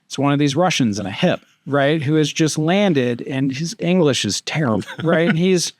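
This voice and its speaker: A man with a fairly high speaking voice tells wandering stories as a podcast guest, circling back with little fillers as he goes. He is a retired army captain from the United States. The sound is dry and close, with no room around it. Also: expressive, normal speed, dry recording. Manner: rambling anecdotes padded with "too" and "and everything". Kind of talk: casual podcast interview storytelling.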